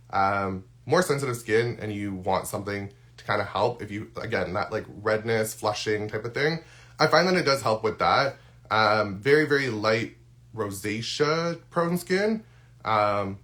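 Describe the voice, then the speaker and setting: A man's voice: on the low side, fairly bright tone. A man who is losing his voice, chatting casually through a live unboxing with lots of ums and restarts. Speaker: skincare content creator. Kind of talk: live-stream unboxing chat.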